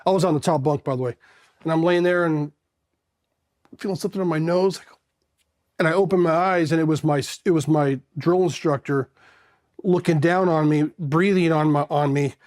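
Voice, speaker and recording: A middle-aged man telling his own story as an interview guest, casual and animated, acting out the voices of people he quotes. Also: fairly high pitch, moderate pace, long pauses.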